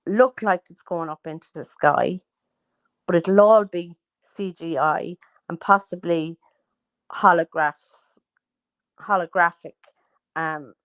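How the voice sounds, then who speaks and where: A woman's voice: lowish voice, slow pace, pauses often, no room sound. A woman chatting casually at home, rambling through stories with plenty of fillers. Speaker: host. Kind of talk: casual chat.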